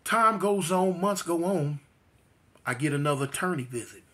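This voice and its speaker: A man sharing his personal testimony in a fairly high, forceful voice with a tense edge. He speaks emphatically and repeats phrases for weight. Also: animated, moderate pace. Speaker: guest telling his life story.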